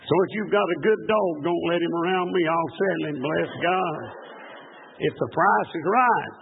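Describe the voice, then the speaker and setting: An older man, preaching through a rambling folk tale in a drawl. His voice sits a bit high and is gravelly. The recording is thin and phone-like, with faint hiss. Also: moderate pace. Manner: rambling down-home storyteller, drawled dialect. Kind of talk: folksy sermon storytelling.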